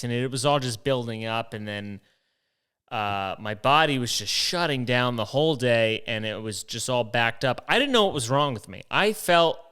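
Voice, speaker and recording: Rambling, profane young man, smooth voice. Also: medium pitch, sharp tone. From New York. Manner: profane, self-deprecating, rambling storyteller. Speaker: podcast host. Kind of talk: rambling casual monologue.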